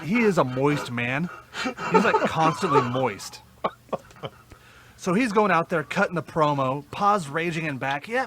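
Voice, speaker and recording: A man's voice: a little high, fairly bright tone. A man co-hosting a podcast, telling a rowdy story in casual chat, swearing and laughing as he goes. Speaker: podcast co-host.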